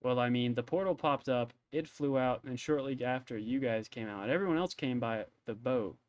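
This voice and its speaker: A man's voice: mid-range voice, moderate pace, no room sound, dull audio. A man narrating as game master, rambling along with many hesitant fillers.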